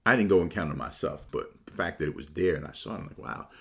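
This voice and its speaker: A man giving a casual, opinionated sports monologue, shifting between relaxed talk and animated, mocking quotes. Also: sits low, racing, gravelly. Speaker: sports commentator.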